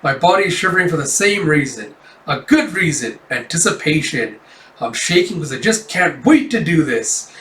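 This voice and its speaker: A man voicing a stiffly polite teenage girl who is nervous before her first performance, overly formal and insisting she is calm. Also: fairly high pitch, normal speed. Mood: anxious. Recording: echoey room, off-mic.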